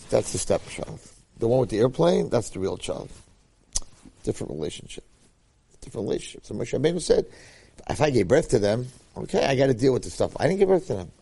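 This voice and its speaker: A man's voice: medium pitch, fast, vocal fry, pauses often. A man giving an informal Torah class, repeating his points and acting out the quotes he tells. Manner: animated, acts out quotes, repeats phrases. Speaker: Torah teacher.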